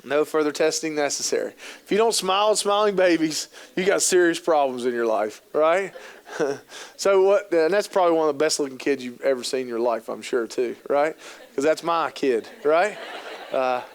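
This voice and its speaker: A man's voice: a little high, moderate pace. A man in his thirties giving a humorous talk to an audience, telling stories and acting out quoted voices between casual fillers. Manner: jokey, acts out quoted voices, lots of fillers. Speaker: keynote speaker on youth work. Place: conference hall.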